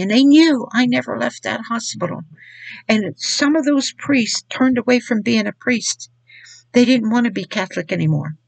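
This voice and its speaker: A woman's voice: mid-range voice, vocal fry, slightly rough, no echo, low-quality recording. An older woman giving an earnest, rambling personal testimony about her faith. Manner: earnest, repetitive storytelling. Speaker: Christian speaker.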